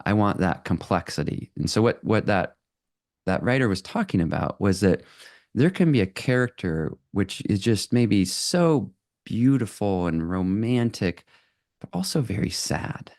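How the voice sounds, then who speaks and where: A man speaks to a live audience in a low, dry-sounding voice. His delivery is animated and conversational, full of fillers, restarts and quick laughs. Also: dry recording. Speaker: photographer giving a talk.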